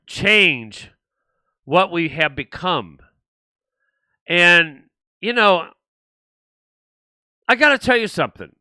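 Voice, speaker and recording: A man's voice: on the high side, sharp tone, no echo. An older man hosting his own livestream show, talking alone to viewers in a rambling, frustrated way, with many restarts. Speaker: show host. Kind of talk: solo livestream talk.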